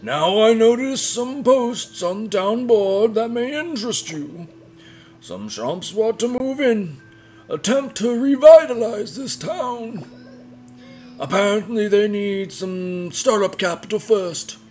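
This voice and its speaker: A man voicing a gruff, stern old village elder in a strained, high old-man voice over faint game music. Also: lively intonation, takes it slowly, a little mellow.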